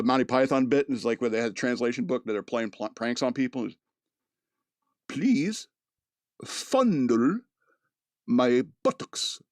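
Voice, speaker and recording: A man in a solo podcast, mid-pitched, chatting loosely about a film and laughing a lot. He bursts into exaggerated voices for quoted lines, recorded dry and close. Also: no room sound. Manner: rambling, laughs often, acts out quotes. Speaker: podcast movie reviewer. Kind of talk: casual solo review.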